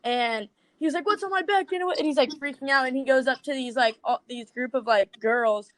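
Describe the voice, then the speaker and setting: A woman's voice: fairly high pitch, fairly even intonation, fairly quick, no echo. A woman, a social media creator, chatting casually as a podcast guest, filling her talk with "like". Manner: chatty, heavy use of "like".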